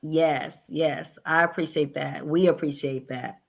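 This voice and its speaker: A woman's voice: deep voice, steady tone, gravelly. A woman presenting on caregiving during a livestream over a call, earnest and repeating herself as she goes. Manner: slow, earnest, repeats words. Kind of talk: encouraging talk on a livestream.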